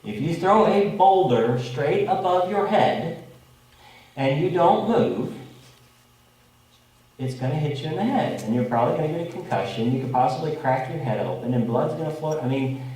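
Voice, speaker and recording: A man preaching a conversational sermon to a congregation, often checking in with a quick "okay?". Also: on the high side, animated, warm tone, a little hiss or hum. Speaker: pastor. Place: congregation meeting room. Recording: echoey room, from far off.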